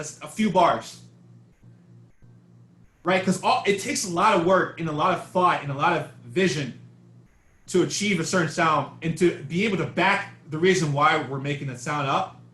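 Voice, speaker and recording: A man teaching a double bass class over a video call, talking casually and hunting for words as he coaches. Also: a bit bright, roomy sound. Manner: casual, searching, repeats words while thinking. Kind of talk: online masterclass coaching. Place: home room on a video call. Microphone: video call mic.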